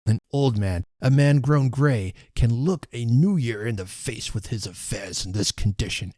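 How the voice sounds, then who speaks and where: A man voicing a pompous, self-important gentleman who speaks slowly and oracularly, in a storybook reading. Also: lowish voice, dry recording, clean studio sound, lightly acted. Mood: dismissive. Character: pompous rich older gentleman.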